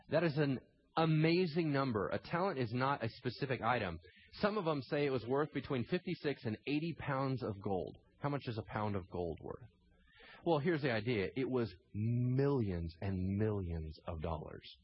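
A man preaching a sermon, telling the story with animated swings between loud emphasis and quiet intensity. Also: mid-range voice, normal speed, slightly rough, muffled recording. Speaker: pastor.

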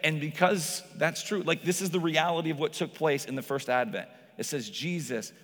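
A man's voice: on the high side, normal speed. Chatty preacher man in a reverberant hall. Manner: conversational preaching, peppered with "like"; acts out quoted voices with lively shifts. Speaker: pastor. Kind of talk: sermon.

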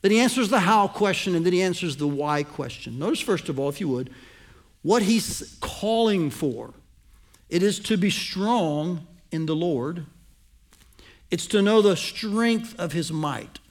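A man's voice: sits high, lively intonation. A man preaching a sermon as pastor, teaching a passage step by step and checking that the congregation follows. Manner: slows down and lands key phrases with emphasis.

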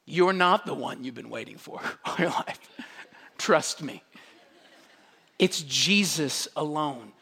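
Animated preacher with a lively, swooping voice. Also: vocal fry, slightly rough, in a large hall. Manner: animated, conversational preaching with wide swings in pitch and loudness; emphatic, with rhetorical questions and quick asides. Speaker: pastor. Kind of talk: sermon.

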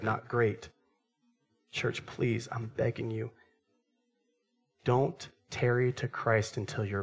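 A male pastor with a fairly low voice preaches a sermon to his church, alternating between animated, raised passages and quiet, hushed ones.

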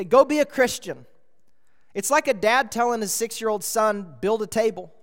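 A man's voice: high-pitched, a bit bright. A man preaching a sermon as pastor, emphatic, with repeated rhetorical questions. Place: church sanctuary. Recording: church hall reverb.

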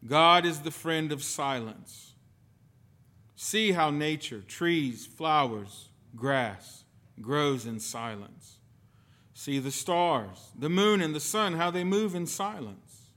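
A man preaching a sermon as pastor, telling stories with sudden swings between loud and soft. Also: a little high, animated, slow. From lived in the United Kingdom.

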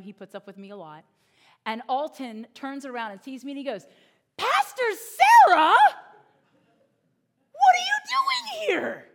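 A woman pastor giving a sermon, telling a funny story with lots of acted-out quotes. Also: fairly high pitch. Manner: animated, humorous storytelling with voiced quotes.

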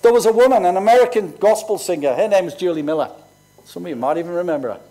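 Older pastor in his sixties, high-pitched, chatty storytelling sermon. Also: expressive, fast, dark tone. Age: 60s. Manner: conversational, storytelling preacher. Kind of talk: sermon with personal stories.

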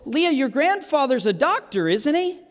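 A man's voice: very high voice, big pitch swings, moderate pace, voice pushed up. A preacher voicing a bewildered male friend who speaks hesitantly and sounds puzzled. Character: bewildered, unsure adult man friend. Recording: long hall reverb.

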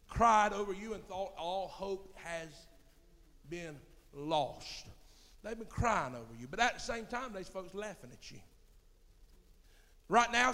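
A middle-aged man preaching a sermon as pastor in a church, swinging from quiet murmurs to loud shouts. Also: sits high, big-room sound. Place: church sanctuary.

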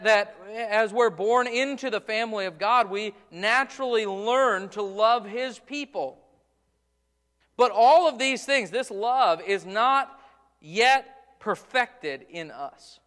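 A pastor preaches a sermon in a church sanctuary, his high-pitched, fairly bright voice carrying through a large hall. His emphasis rises as he stresses his points, and he often repeats words.

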